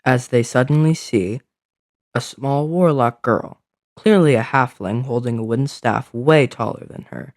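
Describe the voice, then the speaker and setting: A man's voice: medium pitch, measured pace, no echo, clean studio sound. A man narrating a fantasy adventure story, describing scenes with small slips.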